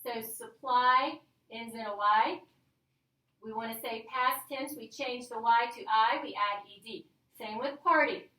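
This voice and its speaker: A woman's voice: on the high side, a bit bright. A woman teaching a grammar lesson to a class. She talks in an upbeat, coaxing way and keeps checking in with "all right?". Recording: echoey room, voice from a distance.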